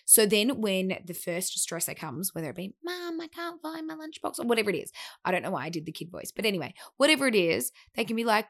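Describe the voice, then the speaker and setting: A woman in her thirties, a fat-loss coach and podcast host, talking through a casual monologue in a chatty, animated way that acts out quoted remarks. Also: medium pitch, fast talker.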